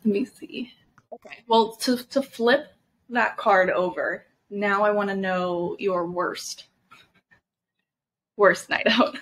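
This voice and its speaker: A young woman co-hosts a casual podcast. She tells stories in a chatty way, laughing often and swearing freely, at an even middle pitch. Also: slow, long pauses, low-quality recording. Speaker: podcast co-host. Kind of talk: casual chat.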